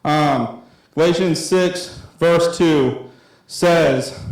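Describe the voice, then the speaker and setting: A man's voice: a little high, animated, normal speed, pauses often. A young youth pastor in his late twenties, preaching a sermon in a loose, conversational way with lots of fillers. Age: 20s. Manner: rambling and conversational, full of fillers. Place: church hall. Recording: very echoey church room.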